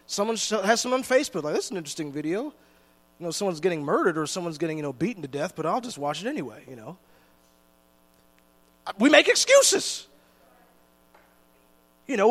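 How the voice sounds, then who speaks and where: A man preaching a sermon in a church, chatty and joking, with slowed, weighty stress on the scripture he reads. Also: high-pitched, a bit bright, big-room sound.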